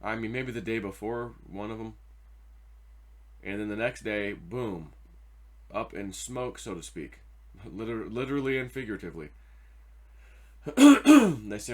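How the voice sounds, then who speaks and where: A man hosting his own commentary video, excitable and mocking, swinging from loud repeated outbursts to a low mutter. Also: a little slow, pauses often. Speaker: host.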